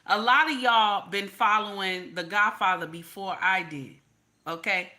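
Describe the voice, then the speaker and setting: A woman's voice: mid-range voice, unhurried, sharp tone. A woman, giving sassy, repetitive livestream commentary and reading viewer comments aloud. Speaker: commentary streamer.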